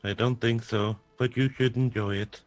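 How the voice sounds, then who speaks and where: A man voicing an earnest android crewman in a tabletop role-play, measured, soft-spoken and literal. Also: medium pitch, steady tone, no echo, natural voice. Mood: calm.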